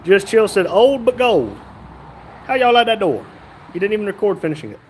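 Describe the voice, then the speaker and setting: A man's voice: high voice, very animated, fairly quick, slight background noise. A man hosting a casual livestream, reading viewer comments aloud and joking along. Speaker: livestream host reading chat.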